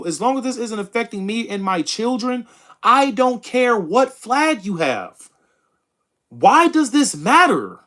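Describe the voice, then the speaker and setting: With a high, slightly bright voice, a young political streamer reads his chat and fires back combatively, mocking people and tossing out bro and dude a lot. The talk is heated and casual.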